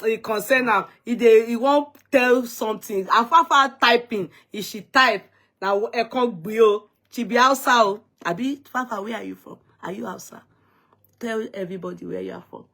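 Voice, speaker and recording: This Nigerian woman hosts a casual livestream in a voice on the high side, fairly bright, at a moderate pace. She's chatty and teasing, greets viewers by name, and slips into Yoruba and Pidgin.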